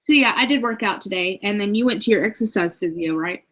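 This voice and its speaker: A woman's voice: mid-range voice, fast talker, fairly bright tone. A woman chatting on a casual video call, telling a rambling story in a playful, joking way. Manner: playful, mock-sulky, jokey voices. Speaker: vlogger guest.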